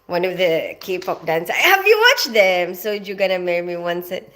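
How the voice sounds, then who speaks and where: A woman's voice: fairly low pitch, animated, normal speed, a bit bright. A middle-aged woman from the Philippines, hosting a casual livestream from her kitchen and greeting viewers by name as she chats. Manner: chatty, reads out viewer comments and greets them by name. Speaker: livestream host. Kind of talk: casual live chat. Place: home kitchen.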